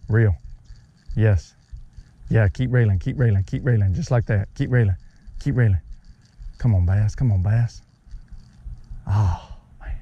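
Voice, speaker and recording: A man, talking excitedly outdoors on a lake as he coaches and teases his sons while fishing, recorded on a chest-mounted camera. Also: medium pitch, measured pace, long pauses, slight background noise. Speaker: fishing vlogger and father. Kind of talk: casual outdoor fishing vlog. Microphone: chest-mounted action camera.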